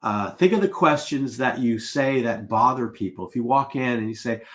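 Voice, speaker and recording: A man's voice: mid-range voice, moderate pace, a bit bright. Middle aged guy coaching sales folks on a live stream, chatty, tells stories, acts out both sides. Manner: casual, storytelling, acts out quoted exchanges. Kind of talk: live webinar teaching.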